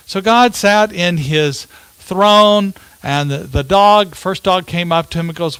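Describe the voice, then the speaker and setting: A male minister preaching a sermon in an unhurried storytelling way, with rhetorical questions to his listeners. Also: high voice, a bit bright, clean tone, no room sound.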